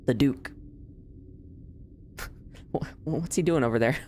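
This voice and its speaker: A woman's voice: a bass voice, takes it slowly, pauses often, a little mellow, a little hiss or hum. A woman streaming a game, giving chatty, playful commentary and laughing often.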